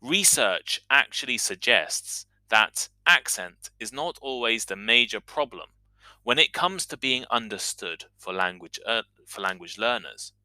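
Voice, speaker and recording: A man hosting an English-learning podcast as a teacher, explaining pronunciation clearly and demonstrating sounds in a scripted monologue. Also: on the low side, lively intonation, a little slow, pushed and bright, dry recording, poor audio.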